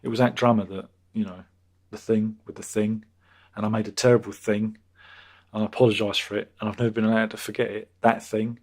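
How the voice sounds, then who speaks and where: A lowish, level voice moving a little fast belongs to a British man in his fifties hosting a casual stream. He rambles through viewer comments in a jokey way, with crude humor and frequent repetition.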